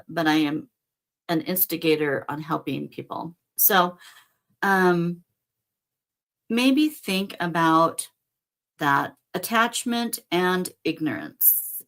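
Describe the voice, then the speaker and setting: Earnest, low-voiced woman spiritual teacher. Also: fairly bright tone. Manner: earnest, conversational, addresses listeners directly. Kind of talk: casual spiritual talk.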